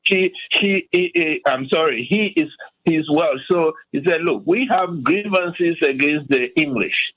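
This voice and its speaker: Older man from Africa, radio guest, passionate and animated, dry close sound. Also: fairly high pitch, measured pace, no room sound, low-quality recording. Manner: fired up, animated, many restarts and "okay?" asides. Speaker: guest commentator. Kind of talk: radio talk show discussion.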